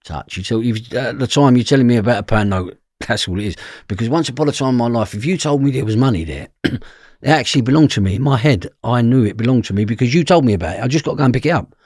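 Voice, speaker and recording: A man with a broad East London accent, his voice husky and low. He tells his stories with a lot of up and down in his pitch and jumps into the voices of the people in them. The sound is close and dry. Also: quick pace, dry recording. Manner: animated storyteller acting out other people's voices. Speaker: podcast guest. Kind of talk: storytelling interview.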